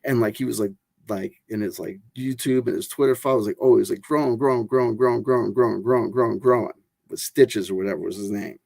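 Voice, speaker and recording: A man's voice: fairly low pitch, fast talker, creaky, darkish tone, dry recording. A man hosting a tarot channel who talks in a loose, rambling monologue full of fillers and restarts.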